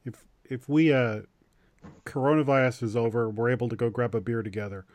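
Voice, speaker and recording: A man co-hosting a relaxed interview builds his questions slowly, pausing and restarting as he goes. His voice sits at an ordinary middle pitch, and his tone is easygoing and conversational. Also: dry recording. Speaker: podcast co-host.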